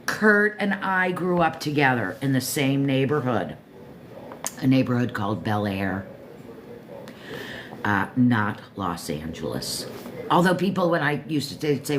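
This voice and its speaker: An older woman from Florida with a low, deep voice, hosting her own show and chatting casually about a book, self-joking and talking straight to listeners. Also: animated, measured pace, noisy background. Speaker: show host reviewing a book. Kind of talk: casual rambling monologue.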